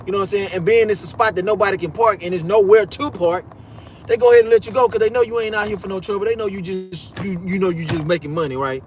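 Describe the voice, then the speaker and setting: A young man telling a story in a casual, animated rant, swearing often and repeating himself. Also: sits high, fast talker, a little hiss or hum.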